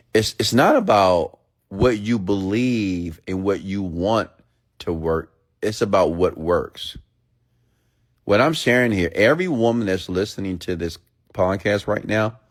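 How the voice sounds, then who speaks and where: A man live-streaming a blunt, preachy rant to viewers, swinging between loud outbursts and low asides.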